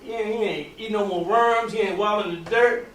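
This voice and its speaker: A man with a fairly high voice tells a long story in a loose, rambling way, often restarting his sentences. He sounds distant from the mic, in a roomy space with a faint hum of noise behind him. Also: a little fast, a bit bright. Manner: rambling, with many restarts and casual grammar. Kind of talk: casual oral storytelling.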